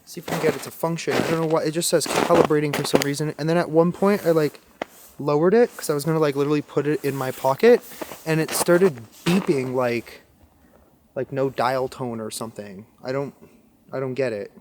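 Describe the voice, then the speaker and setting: A man talks to his viewers as he walks through a wet forest at night, filming himself with a handheld camera. His voice sits a bit high, and he sounds jumpy and unsure of what he is hearing. A faint hiss stays behind him outdoors. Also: fairly quick. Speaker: paranormal explorer vlogger. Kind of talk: handheld exploration vlog. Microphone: handheld camera or phone.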